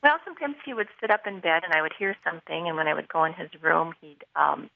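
A middle-aged woman calling a radio show, concerned and explaining in detail with many pauses. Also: fairly low pitch, animated, creaky. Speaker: caller. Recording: dull phone line.

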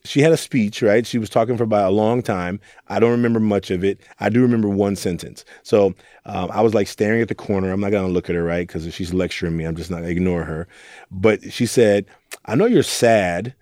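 A man's voice: on the low side, fairly even intonation, quick pace, mellow, dry recording, studio quality. A young man from Oakland, a youth mentor, speaking candidly and reflectively in an interview. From Oakland, California. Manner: earnest, reflective storytelling with quoted asides.

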